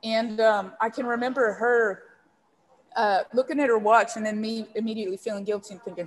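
Her voice sits on the higher side, with fairly even intonation and a brisk pace. She's a San Antonio, Texas, leadership coach guesting on a podcast, recounting a personal story in an earnest, heartfelt interview peppered with ums.

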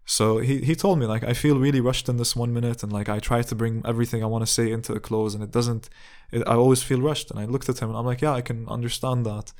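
A man's voice: medium pitch, fairly even intonation, fast talker, a little mellow. Earnest young man telling a story. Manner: reflective, earnest, many restarts and "you know"s. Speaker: podcast host. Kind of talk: casual storytelling monologue.

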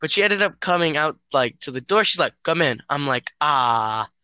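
A young guy talks to a friend over a voice call. He rambles and hesitates, with lots of filler and swearing. His voice is bright and a little high, and the sound is dry and close. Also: lively intonation, moderate pace, smooth, no echo. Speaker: friend telling a dating story. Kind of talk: casual chat over a call.

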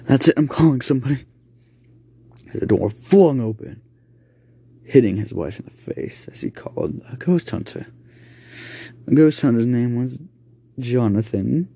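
A man telling an improvised horror story in a halting way, with slips and restarts. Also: medium pitch, mellow, dry recording.

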